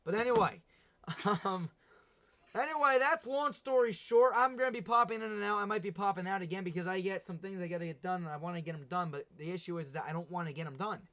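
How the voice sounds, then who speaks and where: A young man with a high, fast, sharp-toned voice hosts a casual sports talk livestream. He's chatty and rambling, often laughing at himself, and the stream audio is dull and lo-fi.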